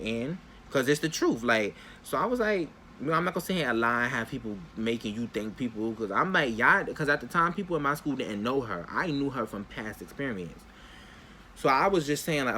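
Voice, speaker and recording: A young man talks straight to his viewers in a casual storytime vlog, using loose slang. His pitch sits in the middle but swings widely as he tells the story. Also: sing-song, brisk, pushed and bright, slight background noise. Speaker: vlogger.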